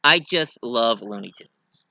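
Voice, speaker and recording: A young man rambles through a casual movie review, flaring up excitedly now and then. His pitch swings widely, and his tone is very bright. The sound is close and dry. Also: slow pace, creaky, no echo.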